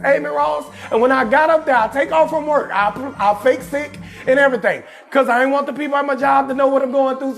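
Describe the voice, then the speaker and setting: A man comedian hosting his show, telling a profane comic story in a loud, emphatic way and often shouting his punchlines. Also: very high voice, gravelly. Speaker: comedian host.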